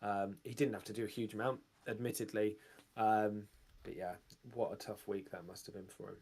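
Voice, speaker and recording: A man's voice: lowish voice, little pitch movement, moderate pace, a little mellow, husky. A man co-hosting a football fan phone-in, chatting casually and reflectively, with plenty of fillers. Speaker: podcast co-host.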